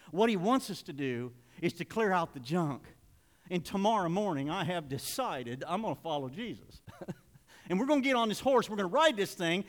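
A man's voice: fairly high pitch, big-room sound. An older man preaching a sermon in a church, folksy and confessional, building to emphatic points. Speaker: pastor. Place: church sanctuary.

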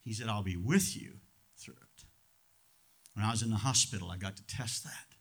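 A middle-aged man preaching a sermon as pastor, swinging from loud emphatic lines to hushed ones. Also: fairly low pitch, moderate pace, husky.

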